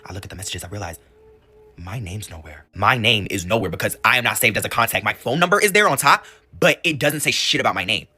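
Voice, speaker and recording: A young man telling a school story in a casual, animated and profane way, rambling off on side notes. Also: on the low side, fast, breathy edge.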